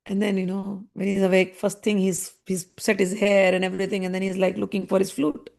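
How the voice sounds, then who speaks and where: A woman telling a devotional story in an animated, conversational way with frequent asides. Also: medium pitch, a little fast, vocal fry. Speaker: spiritual storyteller.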